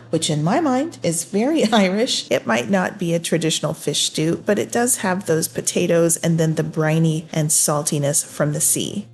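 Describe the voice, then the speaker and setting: A woman's voice: lowish voice, darkish tone. A woman, hosting a recipe tutorial in a friendly, upbeat instructional manner. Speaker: cooking channel host. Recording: faint music behind.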